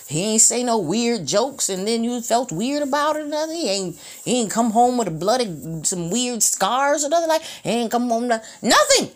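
A woman, ranting bluntly and profanely in an animated, opinionated monologue. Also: fairly high pitch, moderate pace, hardly any pauses.

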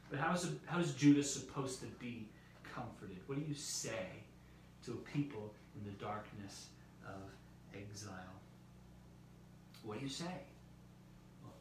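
A man preaching a sermon as pastor, measured, with his voice dropping softly at the ends of phrases. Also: medium pitch. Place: church meetinghouse or similar room, streamed live. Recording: very echoey room, heard from a distance, faint hiss.

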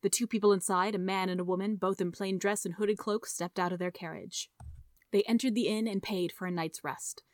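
A woman reading a story aloud in a steady, measured narration. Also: medium pitch, dry recording, clean studio sound. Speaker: audiobook reader.

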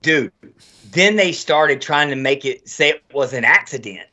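Man ranting on a podcast, lively swooping voice, swears a lot, dull lo-fi sound. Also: on the high side, unhurried. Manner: animated, profane ranting. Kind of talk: casual chat.

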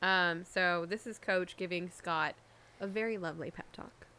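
A woman's voice: on the low side, moderate pace, noisy background. A woman co-hosting a podcast, chatting casually and giggling while recapping a TV episode and acting out the characters' lines. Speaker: podcast co-host.

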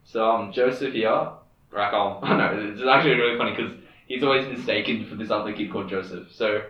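Teen boy, low-ish voice, joking storyteller; distant from the mic in an echoey room. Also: brisk, a bit bright, lo-fi sound. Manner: joking, full of "um" and restarts. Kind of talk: casual chat.

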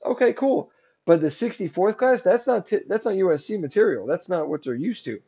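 A man with a high-pitched voice hosts his own sports podcast, ranting sarcastically and growing heated as he goes. The audio is dull and lo-fi. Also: warm tone. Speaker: podcast host. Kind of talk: solo sports podcast rant.

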